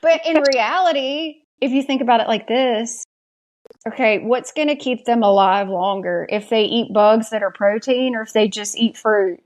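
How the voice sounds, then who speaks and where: Chatty Southern woman, higher voice. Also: moderate pace. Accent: Southern American. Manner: chatty, retells scenes with quoted lines. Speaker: podcast co-host. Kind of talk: casual recap chat.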